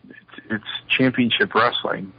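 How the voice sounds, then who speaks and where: A man's voice: on the low side, measured pace, slightly rough. An older man, a guest in an interview, tells stories about his past, acting out the lines of the people in them. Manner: animated storyteller acting out quoted dialogue. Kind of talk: shoot interview storytelling. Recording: slightly muffled lo-fi interview audio.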